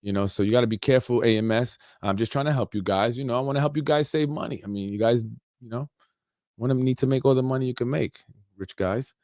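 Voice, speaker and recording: A man's voice: medium pitch, fast, a little mellow, dry recording. A man hosts an unfiltered political talk show and rants off the cuff, circling back to his points with plenty of "you know" and sarcastic jabs. His voice sits in a middle range and sounds dry and close, with no room around it. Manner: ranting, repetitive, sarcastic asides, lots of "you know". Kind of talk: unscripted political rant. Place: Yonkers, New York.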